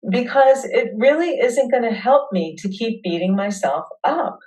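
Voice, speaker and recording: A woman hosting a webinar, leading listeners through a guided tapping session with slow, soothing affirmations. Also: on the high side, animated, darkish tone, distant mic, rough recording.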